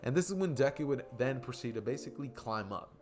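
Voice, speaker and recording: A man's voice: medium pitch, expressive, fast. A young man casually narrating a fan story he makes up as he goes, rambling, with fillers.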